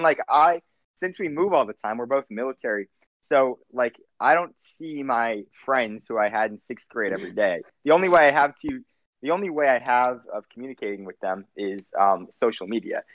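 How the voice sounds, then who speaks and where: A young man co-hosting a casual podcast, joking and exaggerating in quick banter. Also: mid-range voice, lively intonation, dry recording. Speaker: podcast co-host. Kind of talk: casual chat. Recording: dry, dull lo-fi home recording.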